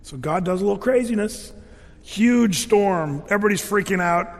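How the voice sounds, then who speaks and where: A high-voiced pastor preaches at a moderate pace, telling stories with lively voiced quotes and playful sound effects. His voice rings through a large hall with long reverb.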